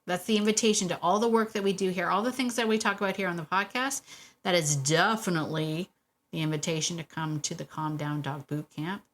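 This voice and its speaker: A woman hosting a solo podcast about dog training, chatty and warm, laughing often and repeating phrases for emphasis. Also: lowish voice, fairly quick. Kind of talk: casual solo podcast talk.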